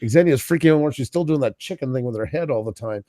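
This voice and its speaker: A man's voice: mid-range voice, lively intonation, quick pace, dark tone. A man from Canada telling a long funny anecdote in casual chat, laughing often and acting out what people said. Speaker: podcast co-host.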